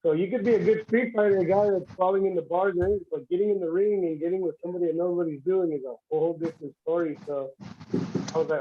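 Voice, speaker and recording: High-voiced man rambling on a call. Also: quick pace, lo-fi sound, a little hiss or hum. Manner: rambling, repeats words, laughs often. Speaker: guest arm wrestler. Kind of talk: casual livestream chat.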